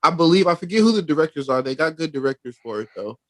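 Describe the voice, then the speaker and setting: A man co-hosting a casual podcast chat, relaxed and hesitant, with many pauses. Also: fairly high pitch, no echo. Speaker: podcast co-host.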